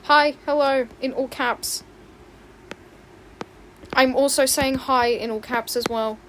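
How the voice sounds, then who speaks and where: A young woman chatting on a livestream while she draws, excitable and rambling, often squealing and laughing. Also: high voice, slow pace, noisy background. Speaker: livestreaming artist. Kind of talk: casual stream chat while drawing. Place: home room with open window.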